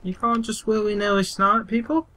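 A man playing a co-op shooting game with a friend, playful and given to loud bursts. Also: high voice, little pitch movement, moderate pace, slight background noise, low-quality recording. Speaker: gamer, co-host. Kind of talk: casual co-op gameplay commentary.

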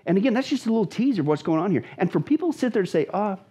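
A man's voice: high-pitched, big pitch swings, very fast, mellow, husky. A man, a pastor, teaching emphatically and dramatically about scripture as a guest in a conversation, repeating phrases for stress. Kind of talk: animated Bible teaching in conversation.

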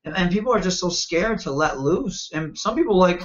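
A man from Michigan, a wrestler and interview guest, talking in an animated, confident, self-promoting way and often checking in with "you know what I mean.". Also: high voice, moderate pace, lo-fi sound. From Michigan, United States. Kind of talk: casual interview talk.

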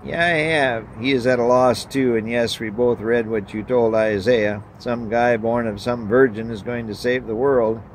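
A man's voice: mid-range voice, steady tone, moderate pace, hardly any pauses, a little hiss or hum, lightly acted. A man voicing Daniel, a defiant male prophet who talks bluntly and sarcastically. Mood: exasperated.

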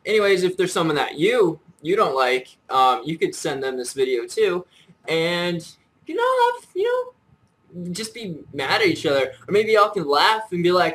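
Male YouTuber delivering a mock-furious, profane rant to camera in a slightly high voice. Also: sing-song, moderate pace, fairly bright tone, low-quality recording. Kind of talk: comedic insult rant to camera.

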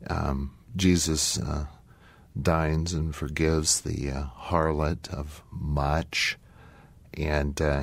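Very deep-voiced man reflecting on faith. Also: creaky, no echo. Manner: thoughtful, pauses with many ums, quotes Scripture. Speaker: co-host. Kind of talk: Christian talk show conversation.

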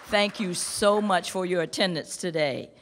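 A woman from a school board giving a measured, emphatic formal speech at a ceremony. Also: lowish voice, some chatter behind, a little hiss or hum. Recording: reverberant hall.

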